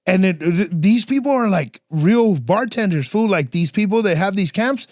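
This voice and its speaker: A man's voice: sits high, lively intonation, moderate pace, a little mellow, no echo, clean studio sound. A young man hosting a podcast alone, telling stories in a casual, slang-heavy and profane way and acting out what other people said. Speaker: podcast host. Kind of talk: casual solo storytelling.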